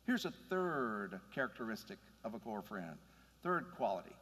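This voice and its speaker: A man's voice: lowish voice, very animated, moderate pace, fairly bright tone, slightly rough, big-room sound. A man preaching a sermon in an earnest, conversational way, building to emphatic points. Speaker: pastor.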